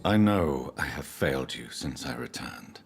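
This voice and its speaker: An actor playing a brooding vampire doctor who speaks in a grave, measured, formal way. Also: male voice, very deep voice, lively intonation, husky, full character voice. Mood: somber. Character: brooding male vampire doctor, somber and restrained.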